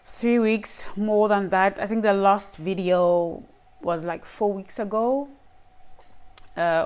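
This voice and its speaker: Slow, smooth-voiced woman vlogger. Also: on the low side. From Lesotho. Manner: hesitant, with many fillers and restarts. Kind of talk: casual talking-to-camera vlog.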